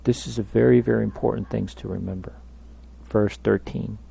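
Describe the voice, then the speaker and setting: A man's voice: fairly low pitch, fairly even intonation, normal speed, gravelly, warm tone, husky. A man leading a Bible study, speaking emphatically and asking his listeners questions.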